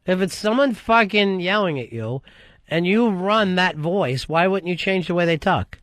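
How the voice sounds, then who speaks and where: A man's voice: high-pitched, animated, normal speed, fairly bright tone, no echo. Blunt, needling male radio host. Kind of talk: casual talk radio chat.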